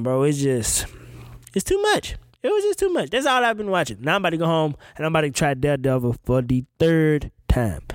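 A male podcast host talking casually, his voice sitting a little higher than most men's. He rants in an animated, profane way and often laughs. The sound is dry and close, with no room echo.

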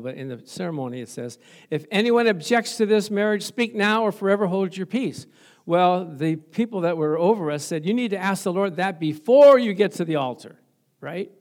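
High-voiced pastor telling a lively story. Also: male voice, gravelly. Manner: animated storytelling with laughs and praise interjections. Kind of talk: sermon.

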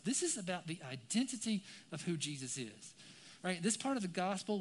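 A man preaching a sermon to a congregation and online viewers, animated and conversational, often checking in with "right?". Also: on the high side, slight background noise. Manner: animated, keeps asking "right?". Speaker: pastor. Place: church, some viewers online.

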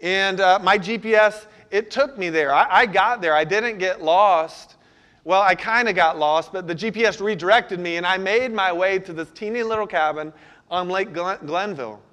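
A middle-aged man with a high-pitched voice preaches a sermon to his congregation. He tells a family story and keeps it conversational, asking the listeners questions as he goes. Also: normal speed, bright, forceful tone. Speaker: pastor.

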